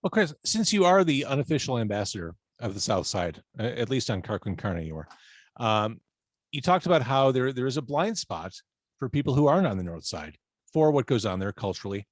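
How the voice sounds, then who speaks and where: A male podcast host asks questions in casual chat and throws in dry jokes. His pitch moves a lot, and the recording is close and without room sound. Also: sing-song, fairly quick, no echo. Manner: joking, dry asides.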